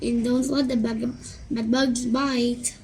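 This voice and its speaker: A woman voicing a friendly dad who chats with his young son, halting and restarting as she reads. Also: on the high side, level tone, warm tone, slight background noise. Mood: cheerful. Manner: chatty, teasing, a bit squeamish.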